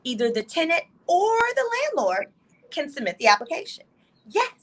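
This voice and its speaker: A woman legal expert guest on a talk show, explaining with fast, emphatic excitement over a video call from a hotel room. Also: high voice, poor audio.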